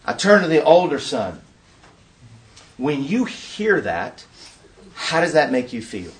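A man giving a preaching-style conference talk, an animated storyteller who acts out scenes and asks the audience rhetorical questions. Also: a little high, takes it slowly, long pauses, distant mic. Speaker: workshop speaker at a conference.

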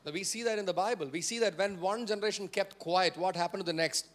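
Male pastor, sermon delivery, high-pitched, repeats lines for emphasis and calls on the congregation to respond. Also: quick pace. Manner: repeats key phrases for emphasis; questions and prompts the congregation.

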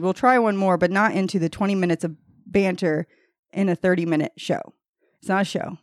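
A woman's voice: lowish voice, fairly even intonation, brisk, no room sound, studio quality. An American woman co-hosting a podcast, chatting casually and sounding exasperated. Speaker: podcast co-host. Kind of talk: casual chat.

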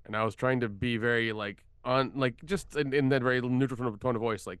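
Fast-talking man telling a profane story. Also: mid-range voice, steady tone, fairly bright tone, smooth, no room sound, clean studio sound. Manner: rapid, profane storytelling with many restarts. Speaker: podcast co-host, filmmaker. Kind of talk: casual podcast chat.

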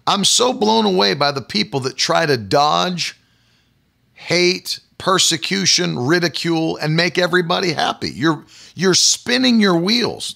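A man's voice: on the high side, animated, a little slow, gravelly, sharp tone. A middle-aged man preaching a sermon, emphatic and repetitive, often asking the congregation rhetorical questions.

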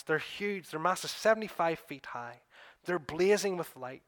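A pastor delivers a sermon, vividly retelling a gospel story and addressing listeners directly as "you." His slightly high voice climbs to excited peaks, then falls quiet.

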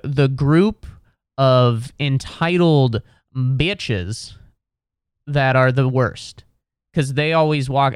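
A man's voice: mid-range voice, smooth, no echo, clean studio sound. Rambling sardonic man, solo podcast. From Cincinnati, Ohio. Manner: rambling, sardonic, puts on mocking voices. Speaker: podcast host. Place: New York City.

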